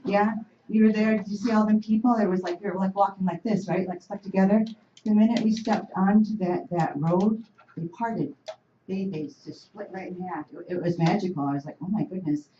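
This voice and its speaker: A woman from the Oneida Nation, telling an animated, emphatic story to an audience in a university room. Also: medium pitch, brisk, slight background noise. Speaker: panel speaker. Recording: roomy, dull room recording.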